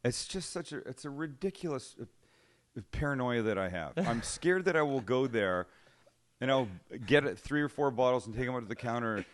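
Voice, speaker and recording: A man's voice: mid-range voice, moderate pace. A man hosting a casual studio chat, telling self-deprecating stories and putting on voices of other people. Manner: self-deprecating, animated storytelling with put-on voices. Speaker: show host.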